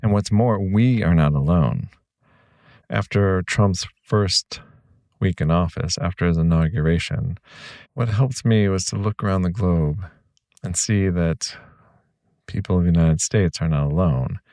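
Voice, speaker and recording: A man's voice: sits low, unhurried, darkish tone, dry recording, studio quality. A man hosting a reflective podcast monologue, speaking earnestly and reassuringly straight to the listener. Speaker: podcast host.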